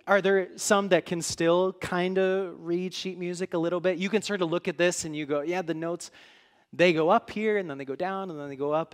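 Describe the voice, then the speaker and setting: A tired man preaching a sermon in a church hall, earnest and halting, with many restarts, and moved to emotion at times. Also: fairly high pitch. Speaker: pastor.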